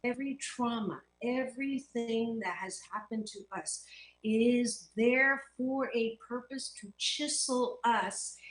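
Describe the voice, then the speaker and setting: Earnest woman coach in a roomy studio. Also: a little high. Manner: earnest, emphatic, playful with mild swear substitutes. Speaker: host, happiness coach. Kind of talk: motivational talk show monologue.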